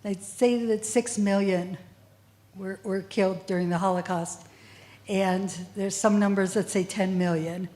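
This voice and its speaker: A woman's voice: mid-range voice, fairly even intonation, measured pace, mellow. A middle-aged woman speaks earnestly to a school audience, answering questions about her mother's past. Her voice is sometimes close to tears. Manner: emotional, tearful at times, earnest. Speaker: guest speaker, child of a Holocaust survivor. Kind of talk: school assembly Q&A.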